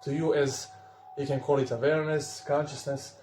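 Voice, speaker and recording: Man speaking slowly in an echoey room. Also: on the high side, little pitch movement, darkish tone, soft background music. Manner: slow, searching, with pauses and restarts. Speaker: spiritual teacher. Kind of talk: calm spiritual talk to viewers.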